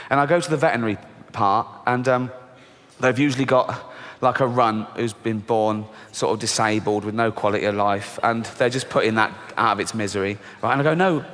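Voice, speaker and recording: A man in his fifties with an English accent, performing a stand-up set in a dry, deadpan and crude manner. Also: medium pitch. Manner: deadpan, dark and crude, acts out characters. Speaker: stand-up comedian. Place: theatre stage. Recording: reverberant hall, faint ambience.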